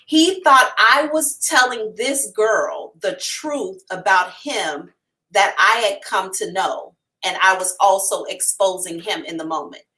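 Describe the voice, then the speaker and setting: A woman hosting a psychic livestream, telling a story to her viewers in a frank, animated way, swearing casually and addressing them directly. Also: medium pitch, slow, distant mic, poor audio. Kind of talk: storytelling to a live audience.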